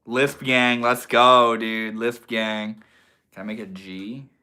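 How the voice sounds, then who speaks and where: A man's voice: mid-range voice, flat delivery, slow, bright, forceful tone. A young man hosting a livestream, chatting casually with viewers in a laid-back, slangy way. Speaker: livestream host.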